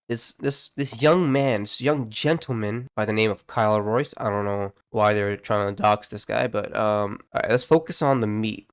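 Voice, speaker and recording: A man's voice: on the low side, moderate pace, hardly any pauses, clean tone. A young man giving casual vlog commentary, full of profane slang and filler words. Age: young adult. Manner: profane slangy banter, lots of "bro" and "like". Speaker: YouTube commentator.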